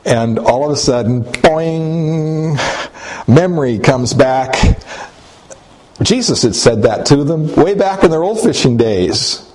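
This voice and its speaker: A man's voice: mid-range voice, animated, a little slow, a little mellow, rough recording. A man preaching a sermon and retelling a story in a folksy, conversational way, with hesitant fillers.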